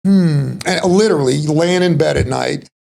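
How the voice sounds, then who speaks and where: A man's voice: on the high side, moderate pace, creaky, darkish tone. A middle-aged man from Texas with a Texas accent, telling stories in a rambling, folksy way as an interview guest. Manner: rambling, folksy, full of "you know" and "like". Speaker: podcast guest. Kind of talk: casual interview storytelling.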